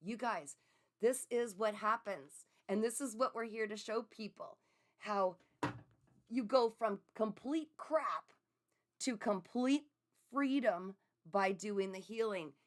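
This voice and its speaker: A middle-aged woman hosting a live-streamed card reading, chatting with viewers in an animated way and laughing often. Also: medium pitch, slow pace. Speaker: psychic reader.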